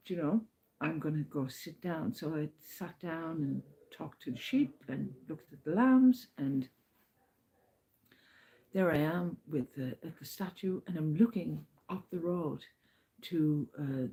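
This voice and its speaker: A middle-aged woman walking as a pilgrim, telling a rambling travel diary with storytelling, sometimes dropping to hushed whispers. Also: low-pitched, rough recording.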